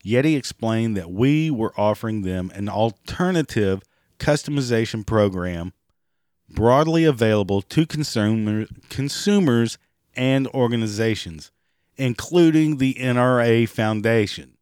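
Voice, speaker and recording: A hoarse man with a raspy voice, giving sarcastic, profane commentary and mocking the people he talks about. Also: mid-range voice, animated, a little slow, darkish tone, no room sound, clean studio sound. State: hoarse, clearing throat and coughing. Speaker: commentary vlogger. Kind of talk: ranting commentary.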